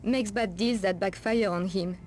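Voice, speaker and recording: A woman's voice: medium pitch, normal speed, darkish tone, faint music behind, natural voice. An actress playing a wary streetwise woman of the night streets, with a French accent and French endearments, guarded and cautioning.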